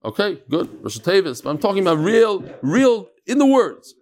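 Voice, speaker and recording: A man's voice: sits high, big pitch swings, moderate pace, a little mellow. A man teaching a casual study-group class, chanting lines and then explaining them with restarts and joking asides. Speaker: Talmud teacher.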